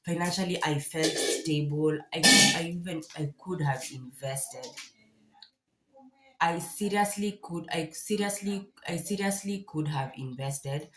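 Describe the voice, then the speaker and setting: A woman's voice: sits low, measured pace, faint music behind. A young Kenyan woman vlogging candidly and emotionally, distressed and near tears, with many restarts. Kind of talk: casual confessional vlog. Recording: echoey room.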